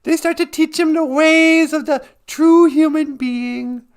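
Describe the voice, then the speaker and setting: Gravelly man telling a rambling comic story. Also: very high-pitched, steady tone, measured pace. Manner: rambling, jokey, self-correcting. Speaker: livestream host.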